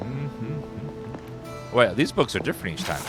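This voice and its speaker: A man casually commenting on gameplay, reading game text aloud and swearing when excited. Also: mid-range voice, slow. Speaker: gaming streamer. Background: game music and sounds.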